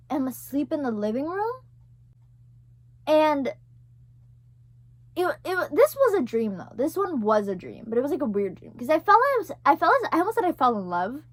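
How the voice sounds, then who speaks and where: Young woman, casual vlog storytelling, rambling, fillers, swears, higher voice, dry sound. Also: very animated, normal speed, a bit bright, no room sound. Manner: rambling, heavy use of "like" and "right?". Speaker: vlogger.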